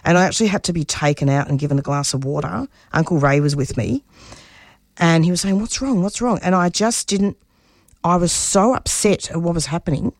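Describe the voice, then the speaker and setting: A woman's voice: on the low side, fairly quick, no room sound, clean studio sound. A middle-aged woman from Australia, a community radio producer being interviewed, talking passionately with many restarts. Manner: passionate, restarts often, voice rises when stirred. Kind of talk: personal interview talk.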